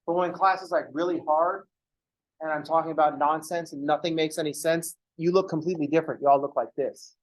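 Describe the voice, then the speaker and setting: A man's voice: fairly high pitch, fairly even intonation, brisk, low-quality recording. A man teaching a math class, lecturing casually and going off on joking, rambling asides to his students in a classroom. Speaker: math professor.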